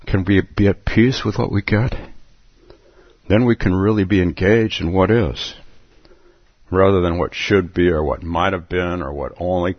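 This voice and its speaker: A man's voice: sits low, normal speed, no room sound, dull audio. A man giving a reflective Zen dharma talk, musing aloud and chuckling between thoughts. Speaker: Zen teacher.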